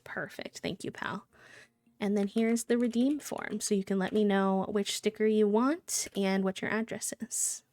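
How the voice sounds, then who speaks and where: A woman's voice: mid-range voice, fairly even intonation, unhurried, a little mellow, no echo, soft background music. A woman live streamer chatting casually and playfully with her viewers, breaking into sing-song countdowns.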